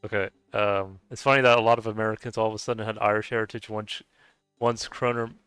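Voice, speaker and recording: A man's voice: lowish voice, little pitch movement, quick pace, fairly bright tone, clear, resonant tone, no echo, faint music behind. A man streaming a game and chatting casually with viewers, rambling and hesitant with lots of fillers and restarts, chuckling often. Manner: chuckles often while talking. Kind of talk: casual chat while playing.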